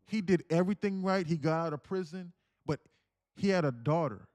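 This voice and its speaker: A young day trading streamer tells an emotional story on a live stream, near tears, earnest and preachy, repeating himself and swearing casually. His voice is on the high side and darkish, at a moderate pace, with no echo and faint music in the background.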